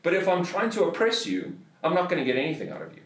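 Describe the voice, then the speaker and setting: A man's voice: high voice, wildly swooping pitch, quick pace, a bit bright, reverberant, distant mic. A South African man on a podcast, telling a story in a heated, swearing rant. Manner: swears a lot, heated ranting. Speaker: podcast host. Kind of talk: casual storytelling.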